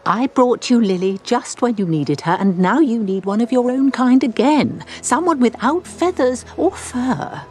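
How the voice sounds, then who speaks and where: A woman's voice: fairly high pitch, lively intonation, a little slow, few pauses, darkish tone. A woman voicing a wise, caring female parrot who narrates a film and coaxes her friend along. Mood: coaxing.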